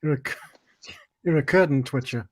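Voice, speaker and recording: A man's voice: medium pitch, normal speed, a little mellow, no room sound. A man in casual chat on a live stream, chatty and teasing.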